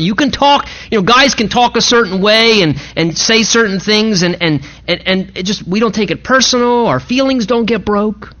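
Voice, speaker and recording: Animated male preacher, dull lo-fi sound. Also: sits high, moderate pace, hardly any pauses. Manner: animated, conversational preaching with many restarts. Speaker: pastor. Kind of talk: sermon.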